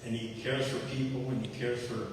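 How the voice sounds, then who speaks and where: A man's voice: mid-range voice, little pitch movement, a little fast. Earnest man testifying in an echoey hall. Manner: earnest, repeats phrases, acts out quoted dialogue. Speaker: testimony speaker at a faith-based recovery meeting. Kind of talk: personal testimony. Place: church meeting hall. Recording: echoey hall, distant mic, faint hiss.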